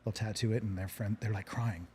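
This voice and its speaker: A man hosting a relaxed interview, earnest and reflective, often restarting his sentences. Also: on the low side, brisk, slight background noise. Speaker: podcast host. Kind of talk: casual interview chat.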